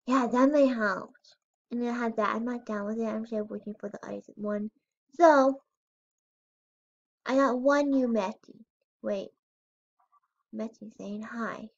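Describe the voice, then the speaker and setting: A woman's voice: on the high side, measured pace, creaky, long pauses, dull audio. A female voice giving casual, rambling commentary while playing a game, often unsure of herself and squealing over cute items. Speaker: gamer showing her game house.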